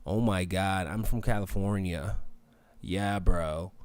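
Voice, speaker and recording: A man's voice: deep voice, slow, darkish tone, smooth, dry recording. A British man putting on a laid-back California dude. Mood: boastful. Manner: drawling, says dude and bro.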